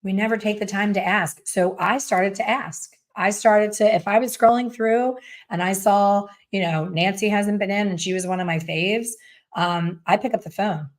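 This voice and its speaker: Speaking at a moderate pace with medium pitch and fairly even intonation, a middle-aged woman coaches other hairstylists casually. She's a salon owner and color educator who is candid and talkative and acts out what people tell her.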